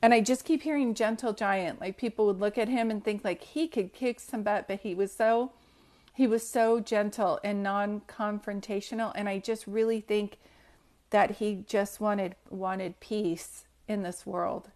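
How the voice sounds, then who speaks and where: A woman giving a casual live reading as a medium, her voice sitting in a comfortable middle range. She speaks gently and reassuringly, pausing often and filling the gaps with soft ums. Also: medium pitch, fairly even intonation. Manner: gentle, reassuring, hesitant with many fillers. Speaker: psychic medium on a livestream.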